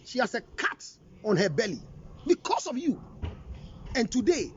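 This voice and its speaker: High, lively Ghanaian man lecturing. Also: normal speed, dull audio, a little hiss or hum. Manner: emphatic, scolding, rhetorical questions. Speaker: relationship counselor. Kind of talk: counseling talk mixing English and Twi.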